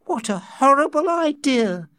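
A man voicing a headstrong, impatient young woman in love, with drawn-out, pleading delivery, in a read-aloud story. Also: medium pitch, big pitch swings, darkish tone, dry recording, clean studio sound, voice pushed up.

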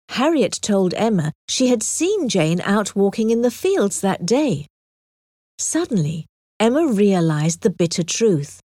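A woman narrating an audiobook with a clear, expressive reading on a close mic. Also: mid-range voice, dry recording.

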